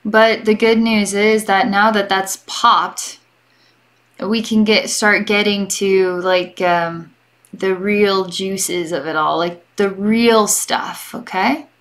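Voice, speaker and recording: A young adult woman giving a gentle, chatty energy healing session as a psychic, rambling and often checking in with the listener. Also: medium pitch, steady tone, slow. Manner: gentle and reassuring toward the listener. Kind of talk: relaxed guided healing session.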